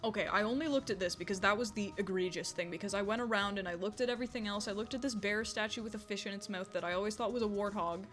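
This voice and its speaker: Casual, playful streamer, reads game text aloud, lots of giggling, chatty gaming stream. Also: female voice, mid-range voice, fast, few pauses, fairly bright tone, soft background music. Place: home desk with a squeaky chair.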